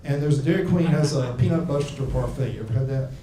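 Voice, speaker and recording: Brash comic in an echoey club. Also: male voice, mid-range voice, fast, warm tone, far from the mic, a little hiss or hum. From Alabama. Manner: crude, brash, rambling punchlines with audience laughter. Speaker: stand-up comedian. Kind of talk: stand-up comedy set. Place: comedy club stage. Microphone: handheld microphone. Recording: echoey room, heard from afar. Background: audience laughter.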